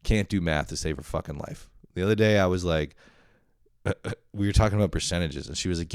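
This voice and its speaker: A young man rambles through a casual solo podcast, swearing freely and laughing at himself as he goes. His voice sits low and comes through smooth and resonant, recorded dry and close. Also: a little fast, darkish tone, no room sound. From Canada. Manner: rambling, profane, self-deprecating, with frequent laughs. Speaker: podcast host.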